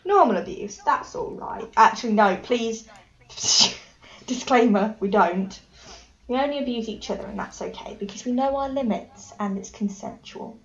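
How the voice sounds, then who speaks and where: A late-teen English woman co-hosts a casual podcast chat, giggly and self-deprecating, her voice a little high and her pace moderate. The sound quality is lo-fi.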